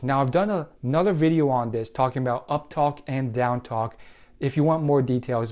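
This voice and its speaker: Young guy explaining confidence tips, casual, lots of uh and restarts, mid pitch. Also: lively intonation, normal speed, warm tone. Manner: conversational, many fillers and restarts, explaining tips. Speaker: self-help video host. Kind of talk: casual talk to camera.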